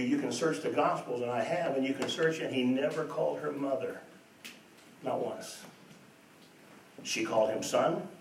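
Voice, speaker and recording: A man preaching a sermon as pastor, earnest and emphatic, asking his congregation rhetorical questions and repeating his points. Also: medium pitch. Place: church. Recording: echoey church, distant mic, faint noise.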